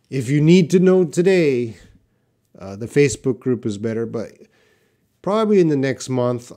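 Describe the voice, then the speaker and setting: A man's voice: mid-range voice, dark tone. A man teaching English in a live question-and-answer class, reading out viewer comments and explaining them patiently with short example sentences.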